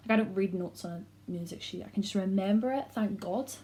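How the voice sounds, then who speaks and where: A woman's voice: medium pitch, a little fast, mellow. A teenage girl with a Scottish accent, chatting casually to camera in a vlog and leaning heavily on "like" fillers. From Scotland. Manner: chatty, heavy use of "like" fillers. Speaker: YouTuber.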